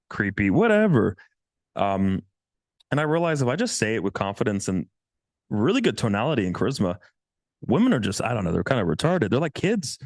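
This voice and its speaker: A lower-voiced man with a lively, swinging delivery gives a dating-coach presentation. He talks bluntly and swears often. His sound is close and dry. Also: no room sound. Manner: blunt and profane, with many restarts; animated, jumps into high voices for quotes. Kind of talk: seminar presentation.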